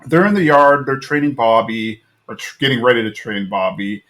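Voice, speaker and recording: A man's voice: medium pitch, moderate pace, a bit bright. A man hosting a podcast, retelling a TV episode in a casual, rambling way with lots of fillers. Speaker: podcast host.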